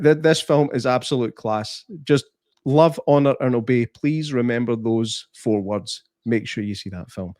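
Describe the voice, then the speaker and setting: A man's voice: medium pitch, normal speed, a little mellow, no echo, studio quality. A Scottish man co-hosting a podcast, chatting enthusiastically and rambling about films, laughing often. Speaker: podcast co-host. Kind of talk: casual film review chat.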